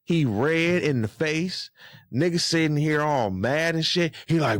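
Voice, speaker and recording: A man giving casual, profane podcast commentary, animated, with his voice jumping high when he gets worked up. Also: a little slow, no room sound, studio quality.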